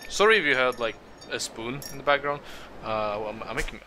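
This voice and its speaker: A man's voice: medium pitch, a little fast, noisy background. A man giving rambling, easygoing commentary while playing a video game. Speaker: gaming YouTuber. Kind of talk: let's-play commentary. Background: game music.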